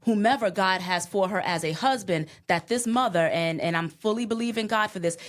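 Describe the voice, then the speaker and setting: A woman's voice: medium pitch, brisk. A woman guest on a podcast, talking with emphatic conviction and faith. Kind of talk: casual conversation.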